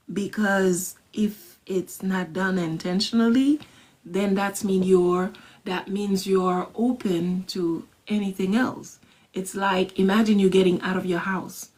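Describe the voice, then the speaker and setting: Woman, wellness coach, guided manifestation, husky tone, unhurried, repetitive emphasis. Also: medium pitch. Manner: repeats each phrase, stressing key words; soft and measured, dipping into whispers.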